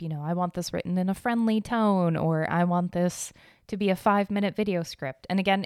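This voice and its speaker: A woman's voice: lowish voice, a little mellow, clean tone, dry recording, studio quality. A woman hosting a casual news podcast, chatty and rambling, blunt and swearing now and then. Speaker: podcast host.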